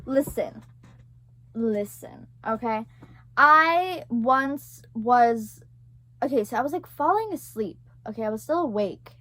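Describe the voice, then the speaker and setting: A woman's voice: fairly high pitch, expressive, normal speed. A young woman telling a story to her viewers in a loose, rambling way, packing in "like" and "right?" and swearing now and then. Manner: rambling, heavy use of "like" and "right?"; swears casually. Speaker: vlogger. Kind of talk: casual storytelling to camera.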